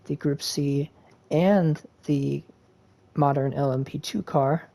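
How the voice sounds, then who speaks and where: Flat, gravelly guy rambling about sim racing. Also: fairly high pitch, slow pace. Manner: rambling, with frequent ums and uhs. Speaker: sim racing video creator. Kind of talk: casual gameplay commentary.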